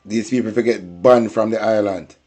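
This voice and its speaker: A man's voice: lowish voice, moderate pace, mellow. A man with a Jamaican accent hosting a political commentary show, ranting in heated, profane patois-laced talk.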